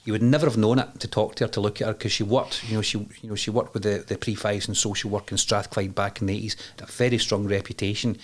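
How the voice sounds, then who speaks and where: A Scottish man in his forties, a podcast guest telling his story candidly, animated and quick to laugh, with plenty of restarts and some swearing. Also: lowish voice.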